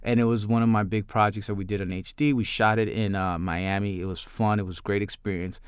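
New male filmmaker, low smooth voice, chatty storyteller who restarts often. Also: a little fast, dry recording, studio quality. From New York. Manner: rambling, animated, many restarts. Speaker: filmmaker guest. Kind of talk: casual interview storytelling.

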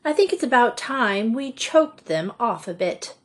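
A woman's voice: a little high, sing-song, measured pace, pitched above the performer's own voice. A woman reading an audiobook, voicing a confident, breezy schoolgirl ringleader. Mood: scheming. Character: lively scheming schoolgirl leader.

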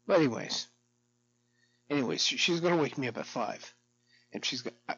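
A man's voice: on the high side, normal speed, long pauses, a bit bright, breathy edge, highs cut off. A middle-aged man vlogging in a rambling, profane, darkly joking monologue to camera.

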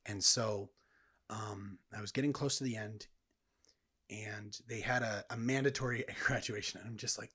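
Man, earnest reflective storyteller, somewhat deep, slightly breathy. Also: fairly even intonation, normal speed, pushed and bright. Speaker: guest sharing his testimony. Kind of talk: personal testimony in conversation.

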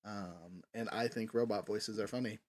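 A man's voice: on the low side, normal speed. Rambling male podcast host, casual. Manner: rambling, filler-heavy, lively. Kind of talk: casual chat.

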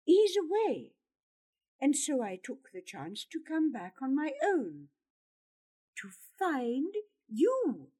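Woman doing an apologetic boy, quiet, pleading, lilting pitch. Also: sing-song, slow pace, heavily acted. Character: gentle, earnest young rich boy, apologetic.

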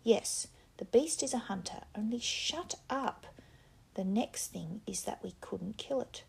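A woman voicing Jack, an aggressive and contemptuous boy who shouts down the others, in a gravelly, breathy voice. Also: mid-range voice, animated, a little slow, in a whisper, exaggerated voice. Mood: domineering. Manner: shouting, domineering.

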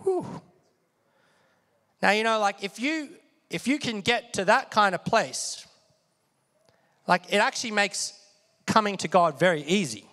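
A man's voice: sits high, animated, normal speed, pushed and bright. A man preaching a sermon in a conversational way, often asking his listeners questions and getting them to repeat words. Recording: long hall reverb.

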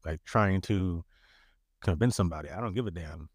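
A man's voice: deep voice, normal speed, slightly rough, no echo, clean studio sound. A man co-hosting a podcast in a laid-back, joking way, often restarting his words. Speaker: podcast co-host. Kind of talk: casual chat.

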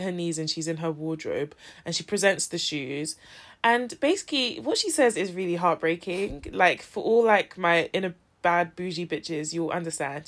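A woman co-hosting a podcast in casual, slangy, emphatic chat. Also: fairly low pitch. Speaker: podcast co-host.

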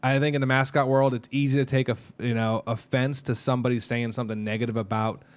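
A man's voice: medium pitch, little pitch movement, quick pace, clean tone. A man in his thirties talks openly on a casual podcast, his mid-range voice wandering through stories with plenty of ums and restarts. He sounds candid and unguarded. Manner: candid, rambling, emotional storytelling with many fillers. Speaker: podcast co-host, mascot performer.

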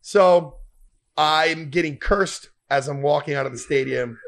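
A man's voice: on the high side, a little slow, gravelly, a bit bright. A man hosting a comedy podcast who tells a rambling story with lots of profanity.

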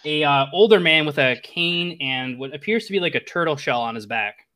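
A man's voice: a little high, animated, normal speed, bright, forceful tone. A man narrating as game master for a tabletop game, rambling with many fillers.

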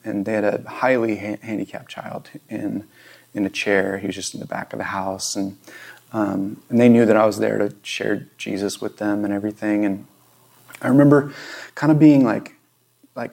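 A middle-aged male pastor preaching in a church, his voice low-pitched and gravelly. He tells stories conversationally, swinging from loud emphatic bursts to hushed, whispered pleas. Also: fairly even intonation, normal speed. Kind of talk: sermon. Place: church sanctuary.

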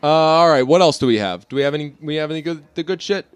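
A man's voice: a little high, fast talker, clear, resonant tone, no room sound. A man, co-hosting a casual comedic podcast chat, rambling and swearing often. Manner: profane, rambling, jokey. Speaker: podcast co-host.

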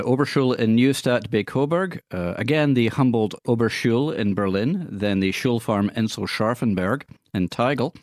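A male radio co-host reading out film news in casual chat, halting with many fillers and stumbling over foreign names. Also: medium pitch, a little mellow, no echo, clean studio sound. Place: radio studio.

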